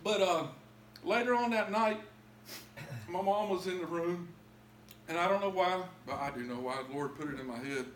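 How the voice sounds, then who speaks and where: A man's voice: high voice, normal speed, a bit bright, roomy sound, slight background noise, rough recording. Emotional man giving personal testimony. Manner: emotional, repeats words, builds to cries. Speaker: testimony speaker.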